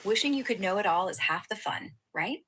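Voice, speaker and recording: A woman's voice: medium pitch, fairly quick, a little hiss or hum, low-quality recording. Breezy AI assistant with a woman's voice. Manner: playful, breezy, slangy and flattering. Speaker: AI chat assistant. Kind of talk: upbeat conversational replies.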